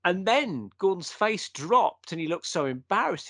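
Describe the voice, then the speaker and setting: Man, gravelly voice, slightly high pitch, dry close sound, animated storyteller. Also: a little slow, no echo. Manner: animated anecdotes with acted quotes and "blah, blah". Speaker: interviewee discussing mediums. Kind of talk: casual storytelling chat.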